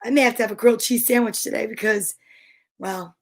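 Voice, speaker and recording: A woman reading picture books aloud to children, gentle and encouraging, asking questions and counting along with them. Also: on the high side, fairly even intonation, a little fast. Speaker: children's story reader.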